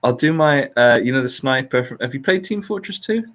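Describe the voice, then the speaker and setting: A man's voice: medium pitch, animated, a little fast, fairly bright tone. A man hosting a casual chat, rambling with hesitant fillers and laughing often. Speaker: podcast host.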